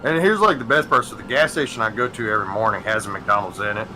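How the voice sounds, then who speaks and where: A man's voice: on the low side, fast, a little hiss or hum, poor audio. A man hosting a gaming stream, telling stories in a profane, ranting casual chat. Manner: ranting, profane, animated storytelling.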